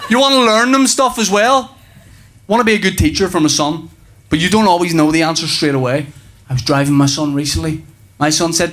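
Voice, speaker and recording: A man doing a stand-up routine, acting out stories about his young son and swearing as he goes. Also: fairly quick. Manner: animated storytelling, swearing, acting out his kids in a high voice. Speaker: stand-up comedian. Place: comedy club stage with audience laughter.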